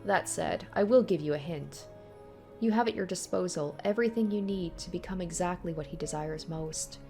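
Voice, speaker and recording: A woman reading aloud the lines of a mysterious female witch in a visual novel, calm and faintly mocking. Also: lowish voice, normal speed, soft background music, natural voice. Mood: cool, mocking.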